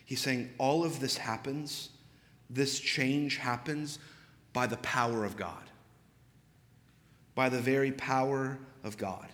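A young man preaching a sermon as pastor, in a conversational style with animated storytelling and quick asides. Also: mid-range voice, in a large hall. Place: church sanctuary.

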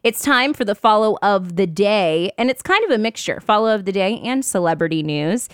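A woman hosting a casual chat podcast, bubbly and quick to laugh as she reads out social media posts. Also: mid-range voice, animated, clear, resonant tone, dry recording, clean studio sound. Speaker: podcast host.

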